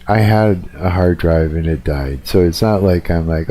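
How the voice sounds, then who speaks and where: A man's voice: deep voice, a little slow, warm tone, a little hiss or hum. A man chatting casually on a live stream, a little tired, rambling and swearing freely. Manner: profane, rambling, restarts sentences. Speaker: livestreamer.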